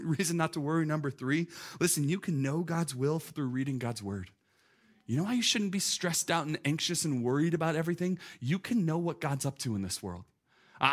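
Animated man preaching a casual sermon. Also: fairly high pitch. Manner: conversational, animated, peppered with "like" and "listen". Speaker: pastor.

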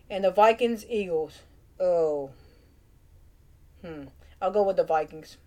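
Slow-talking Cajun woman vlogger. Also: mid-range voice, warm tone. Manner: chatty, playful, muttering picks to herself. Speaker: vlog host. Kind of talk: casual sports picks vlog.

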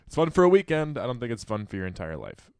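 A man's voice: mid-range voice, big pitch swings, a little mellow, smooth, dry recording, clean studio sound. A man casually discussing a novel with a friend, joking and reading passages aloud. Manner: chatty, jokey, reads passages aloud slowly. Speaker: podcast co-host discussing a novel. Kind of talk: casual book-club chat.

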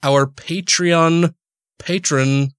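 A man's voice: on the high side, steady tone, very slow, a bit bright, clean tone, no echo, clean studio sound. A man hosting a podcast, chatting casually, laughing often and swearing freely. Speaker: podcast host.

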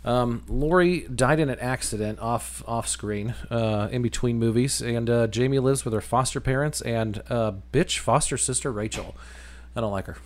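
A casual man chatting on a podcast in an ordinary mid-pitched voice. He recaps a movie in a loose, rambling way, full of fillers, quick laughs and the odd curse. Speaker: podcast co-host.

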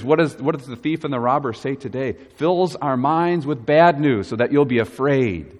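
Male pastor, mid pitch, earnest sermon delivery, long church reverb. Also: animated, moderate pace. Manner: earnest preaching with repeated questions to the congregation.

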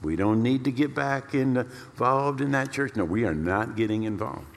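Animated male pastor preaching in a reverberant hall. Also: medium pitch, normal speed. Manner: animated, repeats words for emphasis. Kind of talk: storytelling sermon. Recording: long reverb of a large hall.

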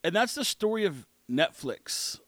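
A man's voice: sits high, sing-song, unhurried, dry recording. A man hosting his own show, rambling through an opinionated casual monologue. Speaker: podcast host.

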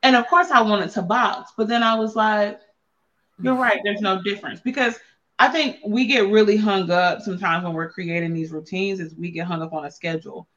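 A woman's voice: medium pitch, brisk, fairly bright tone, highs cut off. A woman hosting a casual chat, blunt and playful, with lots of salty slang. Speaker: podcast host and wellness coach.

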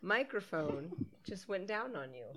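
A woman's voice: medium pitch, sing-song, a little slow, sharp tone. An American woman co-hosting a podcast, chatting casually and playfully, swearing and laughing often. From United States. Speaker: podcast co-host. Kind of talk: casual movie-riffing chat.

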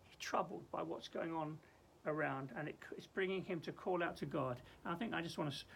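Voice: mid-range voice, fairly quick, gravelly, fairly bright tone, a little hiss or hum. A church leader giving an earnest daily Bible devotional and prayer, emphatic, with frequent stammered restarts.

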